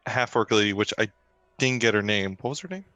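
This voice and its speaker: Low-key male player, dry sound. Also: a little fast, bright, forceful tone, dry recording. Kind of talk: tabletop game play.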